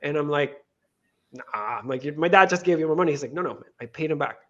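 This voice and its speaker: The recording is dull and lo-fi: a fast-talking Venezuelan man, a crypto lending co-founder, shares a story as a guest in an energetic interview. His slightly high voice moves casually, with frequent restarts and bits of quoted dialogue.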